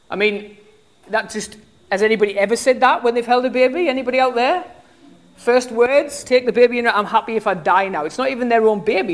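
British pastor, thirties, chatty sermon, lots of ums and restarts. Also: mid-range voice. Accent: British English. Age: 30s. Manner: conversational, animated preaching with many fillers and restarts.

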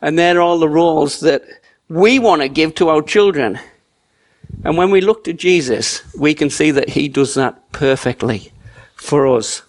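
A man's voice: a little high, measured pace. A middle-aged man preaching a sermon in a conversational, storytelling way, often restarting his sentences. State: choked with emotion.

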